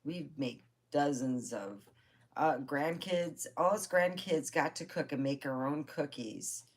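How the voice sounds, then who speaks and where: A woman's voice: sits low, takes it slowly. A woman telling rambling family stories in a casual vlog, laughing often and swearing now and then. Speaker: vlogger. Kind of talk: casual storytelling.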